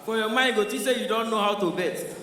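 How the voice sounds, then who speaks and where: A male stand-up comedian with a Nigerian Pidgin accent, telling animated stories and slipping into character voices. His voice sits fairly high for a man. He is heard from far off, with a long hall echo. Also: a little fast. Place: large live comedy venue.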